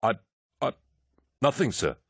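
A male narrator raises his voice into a strained, frightened army officer in an audiobook, breathing raggedly behind a mask. He sounds anxious and sour, with the deep narrator's voice pushed higher. The recording is dry and close. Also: animated, moderate pace, fairly bright tone, slightly rough, no echo. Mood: nervous. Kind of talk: audiobook character voice.

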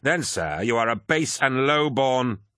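Guy playing a stiff offended equerry, raised and lively, audiobook. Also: lowish voice, normal speed, no room sound, studio quality, pitched above the performer's own voice. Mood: indignant. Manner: indignant and formal. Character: proud, indignant male equerry.

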